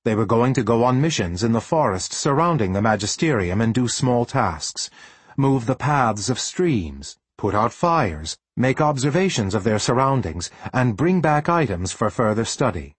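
A man reading a storybook aloud as an audiobook narrator with expressive storytelling. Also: mid-range voice, normal speed, slightly rough, no echo. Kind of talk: scripted narration.

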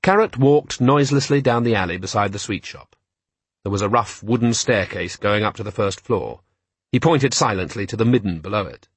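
A man narrating an audiobook in a measured, wry storytelling manner. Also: on the low side, lively intonation, husky, no echo. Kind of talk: scripted narration.

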